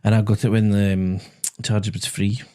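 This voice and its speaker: A man's voice: on the low side, level tone, a little fast, warm tone, smooth. A man with a Scottish accent hosting a podcast, chatting casually and telling stories that make him laugh. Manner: chatty storyteller, laughs at his own stories. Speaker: podcast host and driving instructor. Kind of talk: casual chat. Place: small podcast studio.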